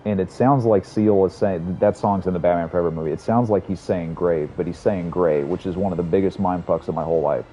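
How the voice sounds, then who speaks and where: A man's voice: sits low, steady tone, fairly quick, few pauses, mellow, muffled recording, a little hiss or hum. A man streaming a game, chatting casually and rambling with lots of swearing and self-mocking asides. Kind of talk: casual gameplay chat.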